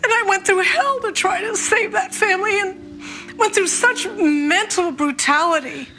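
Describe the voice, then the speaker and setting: A tearful woman with a very high, bright voice gives halting, emotional testimony about her family. Soft music runs under her words. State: tearful, near crying. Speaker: mother recounting an ordeal. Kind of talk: documentary interview.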